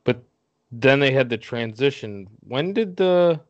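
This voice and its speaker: A podcast co-host chats casually about baseball in a laid-back, jokey way, laughing often. His mid-range voice has lively intonation and a slightly slow pace, captured in a dry, lo-fi recording.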